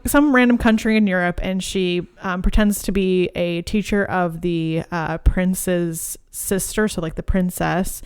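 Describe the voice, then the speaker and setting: A woman's voice: lowish voice, smooth. A woman therapist co-hosting a podcast in casual chat, chatty and laughing often.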